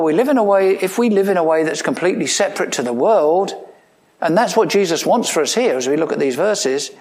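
A pastor preaches a sermon conversationally, posing questions to his listeners and adding dry humor and sudden emphatic lines. He swings between rising, emphatic statements and quiet, low asides.

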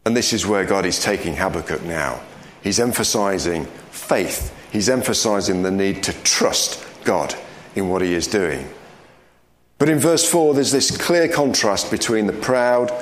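A man's voice: fairly low pitch, expressive, measured pace. A man teaching a Bible study, walking listeners through scripture and reading verses aloud in a reflective, explanatory way. His voice carries a noticeable echo from the room, with a faint hum of ambience underneath.

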